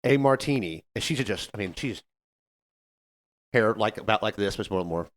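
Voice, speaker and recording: A man co-hosting a podcast, telling a story about a difficult customer in a casual, animated way and acting out what people said. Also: fairly low pitch, normal speed. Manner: animated, acts out customer quotes. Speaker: podcast co-host, server.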